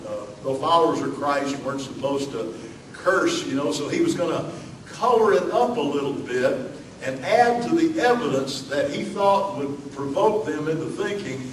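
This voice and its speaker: A man's voice: on the high side, lively intonation, moderate pace, reverberant, far from the mic, slight background noise, low-quality recording. A man from Alabama with a Southern accent, preaching a sermon as pastor in a folksy way, with lots of fillers and asides.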